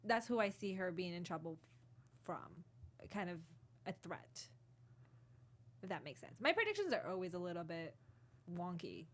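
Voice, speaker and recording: A woman from Colombia co-hosting a casual TV recap, animated and gossipy. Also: lowish voice, normal speed, long pauses. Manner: animated, laughs often, gossipy. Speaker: co-host.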